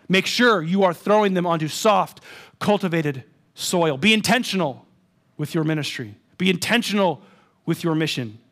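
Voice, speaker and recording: Animated pastor, high voice. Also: male voice. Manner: animated, conversational, self-deprecating storytelling. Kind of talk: storytelling sermon.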